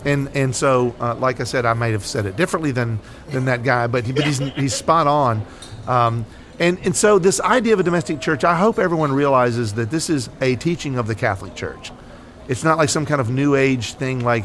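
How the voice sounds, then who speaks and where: A man's voice: mid-range voice, expressive, fairly quick, a bit bright, slight background noise. A man from the United States co-hosting a casual Catholic talk, explaining earnestly with many fillers and repeated "right?". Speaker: Catholic podcast co-host. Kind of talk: casual faith discussion.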